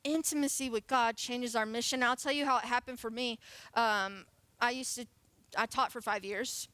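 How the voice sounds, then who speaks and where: A youth pastor in her late twenties gives a sermon in a high, light voice. She keeps it casual and playful and laughs often. The sound is dry and close, with no room echo. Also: fairly even intonation, normal speed, bright, forceful tone, clean tone. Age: late 20s. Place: church sanctuary.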